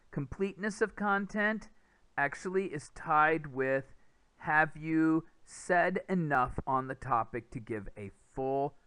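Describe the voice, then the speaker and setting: A man lectures on speaking-test skills in a bright, forward voice. The sound is dry and close, with no room around it. He explains step by step and taps out speech rhythm in nonsense syllables. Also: mid-range voice, no room sound. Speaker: English test teacher. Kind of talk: recorded lecture over slides.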